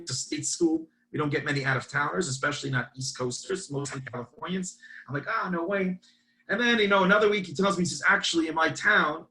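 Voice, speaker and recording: A man, a campus rabbi telling a story in a webinar and acting out both sides of the dialogue with lively energy. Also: a little high, rough recording. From Brooklyn, New York. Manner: animated, acts out dialogue.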